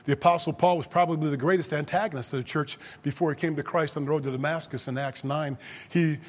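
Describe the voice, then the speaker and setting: A man's voice: fairly high pitch, steady tone, quick pace, in a large hall. A man preaching a sermon, reading scripture and rising to emphatic peaks. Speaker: pastor.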